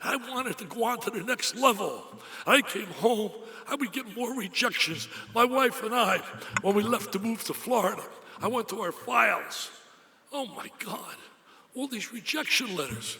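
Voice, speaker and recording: A man's voice: high voice, animated, moderate pace, bright, forceful tone. An older man giving an emphatic, exclamatory motivational speech at a banquet. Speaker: after-dinner speaker. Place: banquet hall. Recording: echoey hall.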